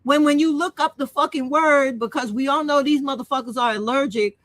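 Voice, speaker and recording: A woman's voice: high voice, brisk, a bit bright, no echo. A woman hosting her own channel, delivering a blunt, profane, emotional monologue. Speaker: channel host. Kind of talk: impassioned monologue rant.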